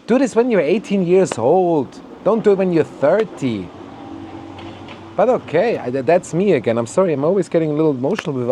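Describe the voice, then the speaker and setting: Man ranting on a podcast, mellow warm voice, stumbling repeats. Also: on the high side, lively intonation, a little fast, slightly rough. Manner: heated, ranting, swears, repeats words, mocks others in quoted voices. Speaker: podcast host. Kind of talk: opinionated monologue.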